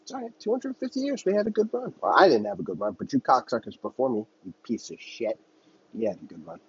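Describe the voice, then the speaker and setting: A man's voice: medium pitch, big pitch swings, fast, slightly rough, highs cut off. A man hosting a podcast, ranting on his own in a heated, profane, rambling way. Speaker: podcast host. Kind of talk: solo political commentary rant.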